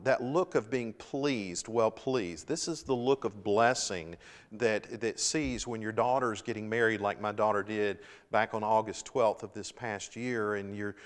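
A middle-aged man preaching a sermon as pastor, earnest, building to emphatic swells and then easing into quiet pauses. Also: on the low side. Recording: long hall reverb.

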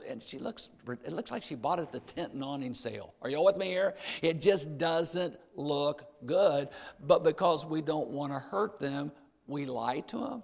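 A man's voice: a little high, lively intonation, moderate pace, creaky, big-room sound. An older man preaching a sermon, emphatic, repeating key phrases and speaking straight to the congregation.

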